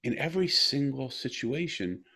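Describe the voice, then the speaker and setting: A man's voice: mid-range voice, normal speed, breathy edge. A middle-aged man in an earnest casual conversation, telling a personal story. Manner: earnest, animated when retelling. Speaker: guest.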